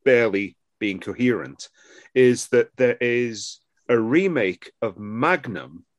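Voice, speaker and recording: A man's voice: mid-range voice, expressive, slow, no echo. A British man co-hosting a review podcast, grumbling with wry humor. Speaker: podcast co-host. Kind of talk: casual review chat.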